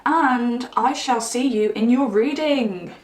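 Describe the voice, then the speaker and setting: A woman's voice: a little high, takes it slowly, soft background music. A woman giving a chatty pick-a-card tarot reading, musing aloud with frequent asides. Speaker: tarot reader. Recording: roomy echo.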